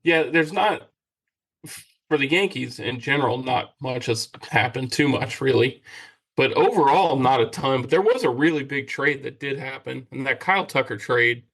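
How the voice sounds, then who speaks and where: A man's voice: medium pitch, animated, normal speed, a bit bright, poor audio. A man co-hosting a casual sports podcast, with a wry, teasing, laid-back manner. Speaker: podcast co-host.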